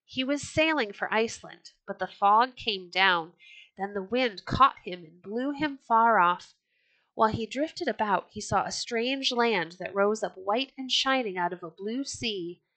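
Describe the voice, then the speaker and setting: A woman's voice: medium pitch, measured pace, bright, forceful tone, dry recording, rough recording. Eric the Red, a boisterous Viking chieftain, read by a woman. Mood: excited. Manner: hearty, declaiming. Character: bold red-bearded Viking chieftain, hot-tempered and boisterous.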